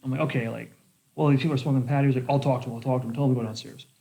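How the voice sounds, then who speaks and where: Young male bartender, mid-pitch, casual storyteller, profane and animated. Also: very fast, gravelly. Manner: animated, swears a lot, lots of "like". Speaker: bartender podcast host.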